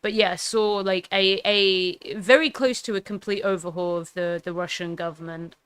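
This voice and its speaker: A woman's voice: mid-range voice, fairly even intonation, moderate pace, fairly bright tone, clear, resonant tone. A woman casually commenting on a historical film, rambling with fillers and the odd swear word. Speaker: political commentary streamer.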